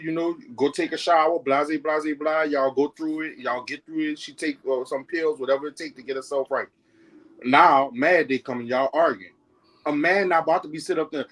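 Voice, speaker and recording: A man calling in as a podcast guest, rambling and explaining, often checking that he is understood. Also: a little high. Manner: rambling, keeps repeating "you feel me". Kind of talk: casual podcast debate.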